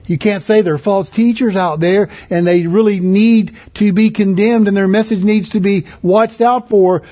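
A man's voice: a little high, dark tone, slightly rough. A man preaching a sermon in an earnest, conversational way, often rising for emphasis. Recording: muffled lo-fi recording.

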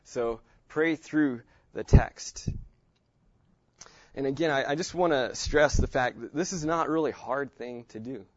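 A man's voice: mid-range voice, a little slow, dry recording, dull audio. A man giving a casual Bible lesson, speaking plainly and often restarting his sentences with fillers. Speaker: teacher. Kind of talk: Bible teaching.

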